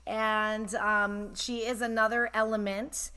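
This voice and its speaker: A woman's voice: mid-range voice, flat delivery, takes it slowly, sharp tone, clean tone. Woman in her 40s on a phone live stream, chatty, emotional, rambles a lot. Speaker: host. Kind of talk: casual live-stream chat. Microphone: phone camera.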